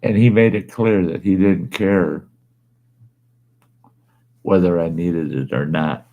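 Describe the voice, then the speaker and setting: A man's voice: low-pitched, steady tone, takes it slowly, gravelly, phone-quality sound. A man hosting his own storytelling show from home, telling a rambling, folksy tale in a plain-spoken, casual way. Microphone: wearing earbuds.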